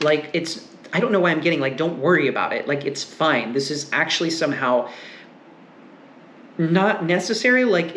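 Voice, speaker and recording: A man's voice: fairly high pitch, a bit bright. A man giving a casual tarot reading, musing and meandering with many fillers and asides. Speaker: tarot reader. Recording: echoey room with faint noise.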